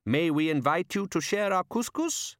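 Courteous kindly desert host, formal and soft-spoken, raised voice, male narrator doing him. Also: fairly high pitch, lively intonation, normal speed, no room sound, clean studio sound, voice pushed up. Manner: courteous, soothing. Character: polite kindly desert man.

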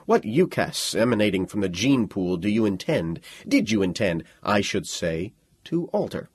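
A man voicing a crisp, clipped, officious technocrat official in a storybook reading. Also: lowish voice, very animated, moderate pace.

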